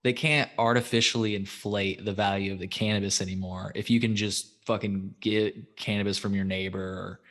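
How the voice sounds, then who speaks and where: A man's voice: fairly low pitch, level tone, normal speed, hardly any pauses, fairly bright tone. A man hosting a podcast in casual chat, laid-back, swearing freely and filling with "um" and "like". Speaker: podcast host.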